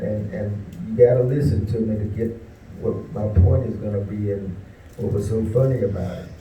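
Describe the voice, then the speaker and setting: Mellow man, distant roomy mic. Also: medium pitch. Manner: unhurried, folksy, frequent pauses and fillers. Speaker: speaker at a memorial tribute. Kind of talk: personal storytelling. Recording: roomy, distant mic, faint background noise.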